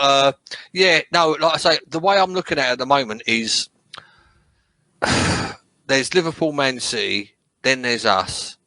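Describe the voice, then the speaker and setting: A man's voice: on the low side, sharp tone, no echo, rough recording. A man from England chatting casually about football on a podcast, rambling and swearing freely. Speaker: podcast co-host.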